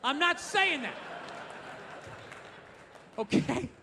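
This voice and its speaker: A male comedian rants in a high, sharp voice, blunt and profane with a sarcastic edge. He is recorded on stage through a handheld mic, and the big hall gives his voice a long reverb with a faint murmur behind it. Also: lively intonation, drawn-out words, vocal fry, some chatter behind, a little hiss or hum. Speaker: stand-up comedian. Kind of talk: stand-up comedy set.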